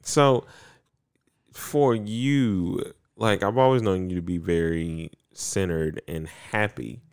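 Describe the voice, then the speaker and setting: A man's voice: low-pitched, slow, clean tone. A man chatting casually on a podcast, telling stories with lots of laughter. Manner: laughing, animated storyteller. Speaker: podcast guest.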